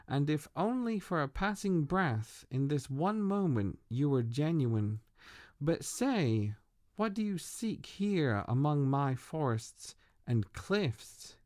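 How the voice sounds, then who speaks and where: A stern, lecturing prophet-sage, read aloud by a man. He speaks slowly and severely, his pitch ranging widely, in a dry, close sound. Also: very animated, a little mellow, no echo. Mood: gloomy.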